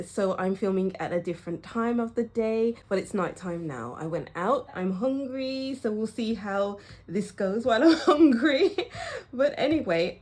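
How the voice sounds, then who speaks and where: A woman's voice: medium pitch, a little mellow. Female tarot reader, casual to-camera delivery, encouraging, repeats affirmations.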